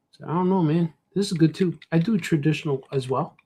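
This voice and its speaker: A man's voice: on the high side, a little fast, dark tone, slightly rough. A man, a cartoonist, chatting casually while he draws, rambling playfully and joking to himself. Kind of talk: casual chat while drawing.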